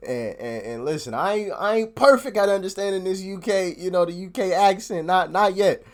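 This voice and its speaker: Excitable man reacting to music. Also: high voice, normal speed. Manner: excitable, repeats words, talks to viewers. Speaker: reaction video host. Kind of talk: casual commentary.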